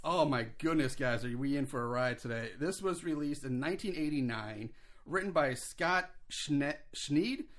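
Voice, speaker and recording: Male podcast host, slightly high-pitched, chatty and upbeat, rambles through plugs and credits. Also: expressive, moderate pace, a bit bright. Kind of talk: casual podcast chat.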